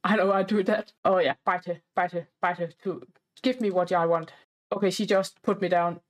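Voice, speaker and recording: A woman's voice: fairly low pitch, steady tone, moderate pace. Chatty woman narrating gameplay as the baby. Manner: chatty, speaks as the baby character, playfully demanding. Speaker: gameplay commentator. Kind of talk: casual gameplay commentary.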